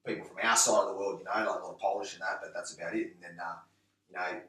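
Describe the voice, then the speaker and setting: A man's voice: low voice, fairly even intonation, racing, a bit bright. A man in casual podcast chat, rambling through stories with lots of "mate" and "you know". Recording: roomy, distant mic.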